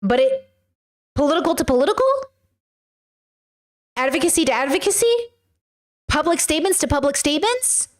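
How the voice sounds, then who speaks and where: Woman streamer, slightly high voice, casual emphatic commentary with slang, chatty with viewers. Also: animated, moderate pace, long pauses. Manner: emphatic, slangy, talks straight to chat.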